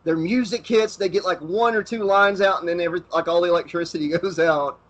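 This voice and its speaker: Podcast co-host, man, loose chatty delivery, slightly high voice. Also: fairly even intonation, brisk, a bit bright. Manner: says "like" constantly, laughing. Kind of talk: casual chat.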